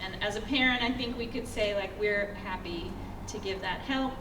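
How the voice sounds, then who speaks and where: A woman's voice: medium pitch, normal speed. A woman emceeing a school storytelling event, friendly and chatty, with many ums. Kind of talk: introducing storytellers. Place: school auditorium. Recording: roomy hall, mic far off, faint hum.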